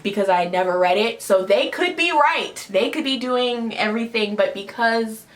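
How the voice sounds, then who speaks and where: A woman's voice: on the high side, animated, moderate pace. Opinionated woman hosting a casual review. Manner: opinionated, conversational. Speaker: host.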